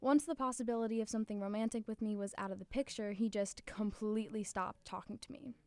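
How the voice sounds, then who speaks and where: A woman's voice: medium pitch, fairly even intonation, fast, a little mellow, no room sound. A teenage girl hosting her own podcast, delivering a chatty, upbeat scripted monologue. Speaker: podcast host.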